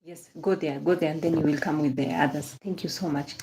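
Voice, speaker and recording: Effusive Kenyan woman with a mellow, low voice. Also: steady tone, fairly quick, a little hiss or hum. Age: young adult. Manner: effusive, repeats phrases, greets viewers by name. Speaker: livestream host. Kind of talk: casual livestream chat.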